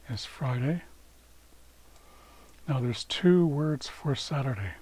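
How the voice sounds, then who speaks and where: A man giving a screen-share language lesson, saying each word slowly twice so it can be repeated. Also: mid-range voice, darkish tone, husky, rough recording. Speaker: language teacher.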